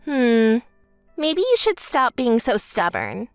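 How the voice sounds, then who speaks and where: A woman's voice: big pitch swings, slow, clear, resonant tone, no room sound, faint music behind, exaggerated voice. A woman voicing a spoiled, self-centered young bride who bosses her sister around, in a texting-story voice-over. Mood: smug. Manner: whiny, bossy, shrill when angry.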